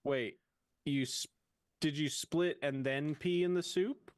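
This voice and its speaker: A man's voice: on the high side, slow, no echo. A man co-hosting a podcast, teasing and wisecracking in casual banter. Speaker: podcast co-host.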